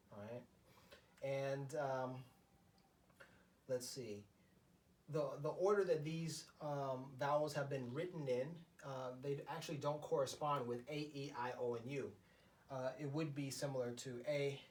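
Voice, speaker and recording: A man teaches a beginner class at a whiteboard, pausing often and filling gaps with hesitant sounds. He talks at an unhurried, drawn-out pace. The mic is set at a distance, so he sounds removed. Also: mid-range voice. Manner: slow, halting explanation with many fillers. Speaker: language teacher. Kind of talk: beginner lesson at a board. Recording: voice from far off the mic.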